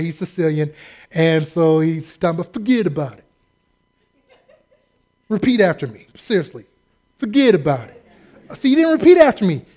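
A man preaching a sermon, telling a story with jokes and acting out the voices of the people in it. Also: sits high. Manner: animated, joking, acts out quoted voices. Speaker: pastor.

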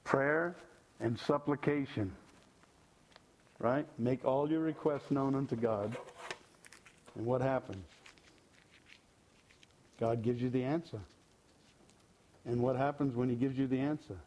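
A man's voice: mid-range voice, fairly even intonation, slow pace, pauses often, darkish tone. An older man giving an informal, folksy sermon, joking and repeating his phrases. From California. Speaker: lay preacher.

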